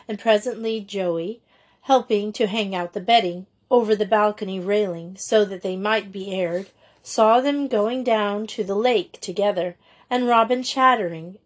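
This woman reads a school story aloud at a measured pace. Her voice sits at a middling pitch, even and unhurried. She sounds like a storybook audiobook narration. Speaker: audiobook reader.

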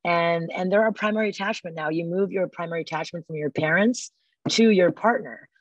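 A woman guest on a podcast interview, talking enthusiastically and acting out quotes with lively energy. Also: on the low side, a little fast, no room sound, lo-fi sound. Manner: enthusiastic, acts out quotes animatedly. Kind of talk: casual interview talk.

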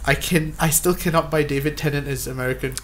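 A man's voice: fairly even intonation, quick pace. A man in casual conversation about actors and accents, rambling and swearing, often laughing. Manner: rambling, swearing, laughing, mid-level pitch. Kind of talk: casual film chat.

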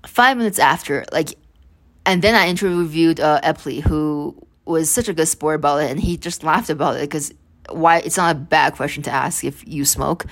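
Low-voiced woman podcaster telling a story. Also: normal speed. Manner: rambling, animated, many restarts and asides. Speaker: podcast host. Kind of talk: casual storytelling monologue.

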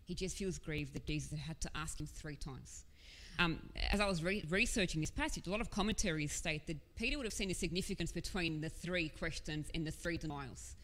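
A woman with a low voice delivers a sermon, earnest and conversational, dropping casual asides as she goes. Her words ring out with a long reverb, as if spoken in a large hall. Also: fairly quick, hardly any pauses, a bit bright. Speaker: preacher.

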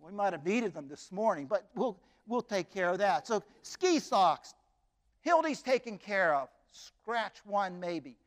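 A man with a high voice tells a story expressively. He leans on dramatic pauses and repeats phrases for emphasis. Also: sing-song.

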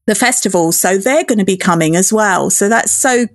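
An enthusiastic woman chatting in an interview, bubbly and quick to giggle. Her voice sits in a middle register and comes through a dry, close microphone with no room sound. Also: medium pitch, dry recording. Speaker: podcast guest, festival organizer. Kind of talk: casual interview chat.

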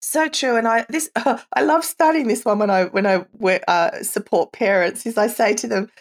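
A middle-aged woman speaking as a parenting expert guest, explaining warmly in a conversational interview, with frequent "you know" and light laughs. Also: on the high side, normal speed.

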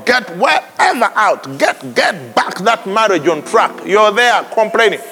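A man preaching a sermon, animated, breaking into sudden high exclamations and laughs. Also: measured pace. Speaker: pastor. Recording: long hall reverb with faint ambience.

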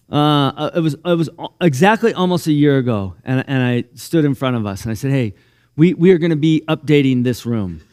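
A man's voice: fairly high pitch, a little mellow. Conversational man preaching a sermon. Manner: conversational, restarts often, gets emotional and laughs. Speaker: pastor. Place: church sanctuary.

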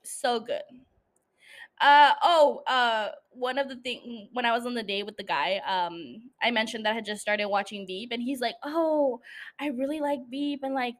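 Young female podcast host, high-pitched, chatty, profane, quick to laugh. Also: fairly bright tone. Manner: chatty, swears freely, laughs often. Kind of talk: casual solo podcast chat.

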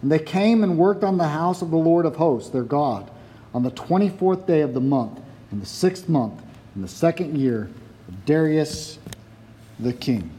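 A man's voice: on the high side, expressive, normal speed, dark tone. A man preaching a sermon who reads scripture aloud, prays, then preaches. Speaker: pastor.

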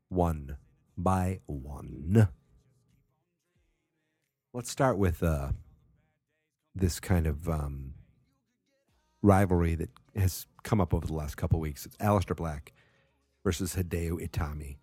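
A man with a low, mellow voice talks through a casual podcast, rambling and tired, dropping sarcastic, self-mocking asides. The sound is close and dry, with no room around it. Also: slightly rough, no echo. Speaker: podcast host.

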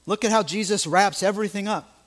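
A man's voice: high-pitched, fast talker, fairly bright tone. A male pastor with an American accent preaching a sermon, emphatic and full of rhetorical questions.

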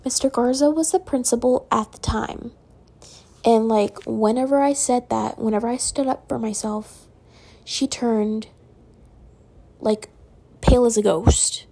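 A woman's voice: on the high side, steady tone, measured pace, vocal fry, long pauses, dark tone, slightly rough. A young woman telling a personal story in a casual, rambling way at home, full of "like" and "um".

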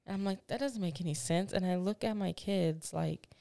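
A woman co-hosting a podcast, chatting casually and telling an animated story with lots of laughter. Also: lowish voice, moderate pace, gravelly, dry recording, clean studio sound. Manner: animated storytelling, acts out voices, laughs often. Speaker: podcast co-host. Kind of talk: casual chat.

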